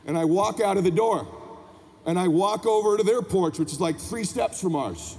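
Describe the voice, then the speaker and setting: An animated male speaker telling a story from the stage, emphatic and acting out characters. His voice is high with a gravelly edge, and it echoes through a large convention hall with faint ambience. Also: normal speed. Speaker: motivational speaker.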